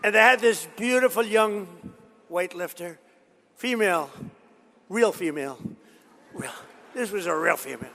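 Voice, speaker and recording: Gravelly man rambling at a rally. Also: sits high, animated, moderate pace, long pauses, fairly bright tone. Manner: boastful, repetitive, digressive storytelling. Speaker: politician giving a speech. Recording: reverberant hall.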